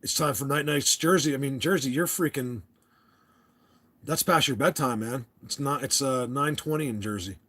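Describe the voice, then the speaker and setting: A man's voice: medium pitch, normal speed, sharp tone, slightly rough. A young American man hosting a casual livestream chat, rambling and restarting his sentences as he talks to viewers. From United States. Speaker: livestream host.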